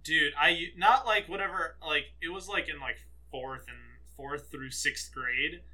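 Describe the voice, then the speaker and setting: A man's voice: a little high, measured pace, bright, forceful tone. A young man from the American South, co-hosting a casual chat, rambling, swearing and laughing often. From southern United States. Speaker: podcast co-host.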